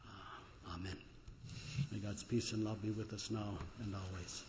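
Male pastor preaching, earnest, lots of uhs, slows down on bible quotes, kinda dull lo-fi sound. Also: on the low side, level tone, vocal fry, background noise. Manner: earnest, slows and rises on scripture quotes, frequent uh fillers. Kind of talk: sermon.

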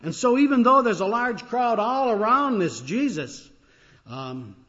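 A man preaching a sermon with dramatic swings, loud when he cries out and quiet when he reflects. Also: very high-pitched, big pitch swings, measured pace. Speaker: pastor. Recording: dull, lo-fi recording.

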